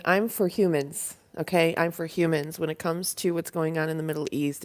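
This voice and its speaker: A woman with a low, gravelly voice chats loosely on a home livestream, slipping into a put-on Southern US accent. She rambles, laughs often, and speaks into a device camera from her apartment. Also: a little mellow. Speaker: livestream host. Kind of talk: casual livestream chat.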